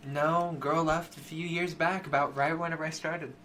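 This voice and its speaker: A man's voice: on the high side, level tone, moderate pace, pushed and bright, voice pushed up. Man doing a laid-back scarred young dancer woman, easygoing, faint background hiss. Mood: casual.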